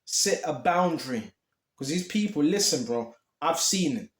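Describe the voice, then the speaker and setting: A man's voice: a little high, lively intonation, measured pace, reverberant. A man preaching informally, impassioned and repetitive, with streetwise slang.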